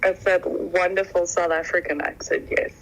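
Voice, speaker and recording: A woman's voice: fairly low pitch, little pitch movement, normal speed, a bit bright, slight background noise, rough recording. A woman in casual voice chat with her gaming team who giggles often between her remarks. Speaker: alliance teammate.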